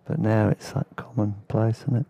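A man's voice: lowish voice, flat delivery, moderate pace, creaky, dark tone, no echo. A man with an English accent narrating his travel memoir in a laid-back, candid way, swearing casually. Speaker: storyteller.

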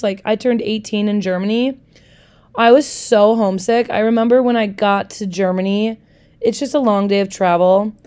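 A young woman from the United States hosting a solo podcast, talking in a chatty, candid way with frequent swearing and lively asides. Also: medium pitch, smooth. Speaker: podcast host. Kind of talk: casual solo podcast chat.

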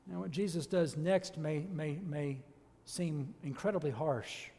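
A man preaching a sermon as a church elder, impassioned and emphatic, rising to loud peaks and dropping low. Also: moderate pace, in a large hall.

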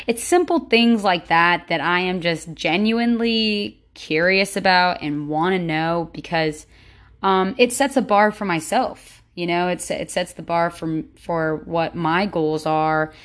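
A woman hosting her own solo podcast in a casual, rambling way, with many fillers and restarts. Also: on the low side. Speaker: podcast host.

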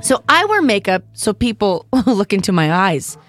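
Young woman on morning radio, tells stories all animated, dry close sound, bounces up and down a lot. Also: medium pitch, normal speed, dry recording, faint music behind. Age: young adult. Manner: animated storyteller acting out quotes. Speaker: radio show co-host. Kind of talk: casual radio banter.

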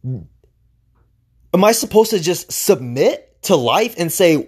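The podcast host's voice is high-pitched and sing-song, with a breathy edge and a slow pace. His motivational monologue comes across as emphatic and profane, full of rhetorical questions.

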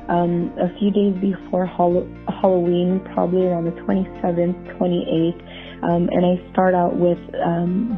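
A woman calling in to a podcast, talking haltingly with many filler pauses. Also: on the low side. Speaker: caller. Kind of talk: phoned-in voice message. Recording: tinny phone line.

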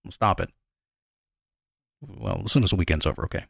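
A man delivers an emphatic motivational monologue, his pitch leaping around constantly. He fires off rhetorical questions and swings from loud bursts to hushed asides. The recording is dry and close, with no room sound. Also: sing-song, brisk, vocal fry, husky, dry recording. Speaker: motivational podcast host.

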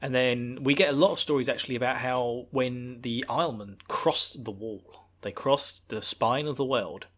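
A bright-toned man hosts a casual book recap, retelling the plot with playful energy. He breaks into laughter often and clearly enjoys the story. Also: medium pitch, normal speed, hardly any pauses. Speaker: book discussion host.

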